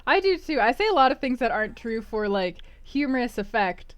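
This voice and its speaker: A woman's voice: on the high side, lively intonation, unhurried, no echo, dull audio. A woman streamer chatting casually while she plays, rambling and laughing often. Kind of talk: casual chat while gaming.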